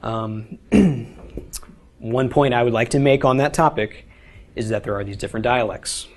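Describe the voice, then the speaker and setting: Here a man teaches Hebrew to beginners in an informal classroom lecture, proceeding step by step and often adding "okay?". His mid-range voice moves at a measured pace.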